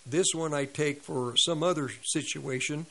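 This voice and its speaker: On a radio ministry, a man preaches by retelling a story, complete with quoted dialogue and sound effects. His fairly high, slightly bright, creaky voice holds a steady tone at a measured pace, and the recording is rough.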